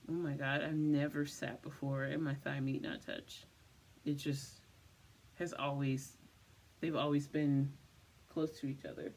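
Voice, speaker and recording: A tired woman vlogging casually, rambling through the story of her day and repeating "I was just like" as she retells it. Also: low voice. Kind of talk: casual personal vlog.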